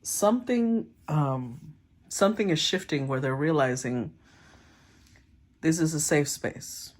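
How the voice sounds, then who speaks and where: A woman giving a casual tarot reading, thinking aloud, often clearing her throat and murmuring as she names the cards. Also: deep voice, takes it slowly. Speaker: tarot reader.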